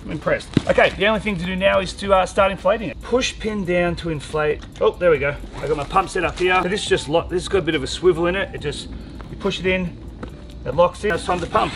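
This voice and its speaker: A man's voice: high-pitched, quick pace, background noise. A young man, chatty and upbeat, reviewing outdoor gear in a casual vlog and thinking aloud as he unpacks. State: out of breath after pumping. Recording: music playing underneath.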